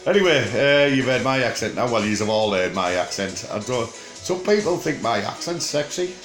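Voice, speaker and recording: An older man with a broad Teesside accent, rambling jokily in casual chat to camera and pausing often on fillers. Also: mid-range voice, lively intonation, reverberant, music in the background, poor audio. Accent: Teesside English. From England. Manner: rambling, jokey and chatty, with frequent filler pauses. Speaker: vlogger.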